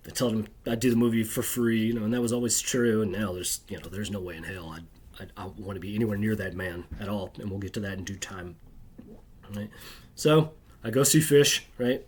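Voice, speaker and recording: A man's voice: on the low side, normal speed, husky. A man telling a rambling, bitter personal story to camera, agitated and constantly tagging his sentences with "right?". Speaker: video creator.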